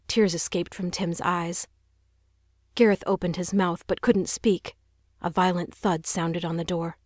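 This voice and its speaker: A woman's voice: lowish voice, normal speed, darkish tone, dry recording, studio quality. A woman narrating a young adult audiobook in a tense, dramatic storytelling manner. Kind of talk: scripted narration.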